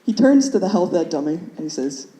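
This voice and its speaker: A young woman tells a stand-up story in a rambling, fidgety way, with many "like" fillers. Her voice is mellow and dark, and it carries a roomy echo from a club stage. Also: lowish voice, big pitch swings, a little fast. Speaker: stand-up comedian. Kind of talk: stand-up comedy set.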